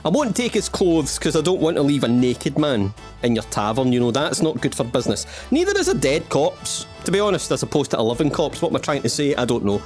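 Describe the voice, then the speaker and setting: A man's voice: fairly high pitch, sing-song, a little fast, a little mellow, soft background music. A Scottish man hosting a let's-play, rambling in self-mocking jokes and asides to the viewer while he plays. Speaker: gaming channel host. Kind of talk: playful let's-play commentary.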